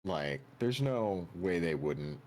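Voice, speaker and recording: A man's voice: low-pitched, animated, slow, darkish tone. A young man co-hosting a game stream, trading jokes and wisecracks in casual banter. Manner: wisecracking, jokey. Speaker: co-host of a let's play stream.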